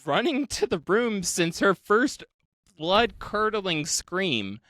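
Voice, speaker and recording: An animated podcast host tells a story in an unhurried, casual way, with a lively voice that rises and falls. It laughs often, swears freely and slips into quoted voices. It is recorded dry and close, with no room sound. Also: mid-range voice, dry recording.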